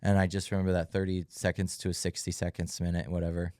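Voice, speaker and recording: A young man with a very deep voice speaks in an even, unhurried way, pausing often to find his words as he tells a personal story. The sound is dry and close, with no room around it. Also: no echo. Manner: reflective, halting, many fillers. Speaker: podcast co-host. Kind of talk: casual testimony chat.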